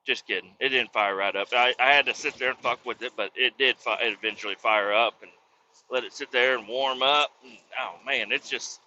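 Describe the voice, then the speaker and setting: A man's voice: medium pitch, fairly quick, pushed and bright. A truck driver venting in a profane, casual vlog monologue from his cab. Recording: dull lo-fi audio with faint road noise.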